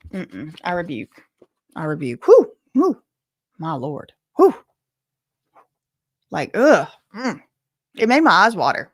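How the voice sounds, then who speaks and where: A woman hosting a casual livestream commentary, reading out chat messages and reacting loudly, repeating phrases and exclaiming with disgust. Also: lowish voice, vocal fry, dry recording.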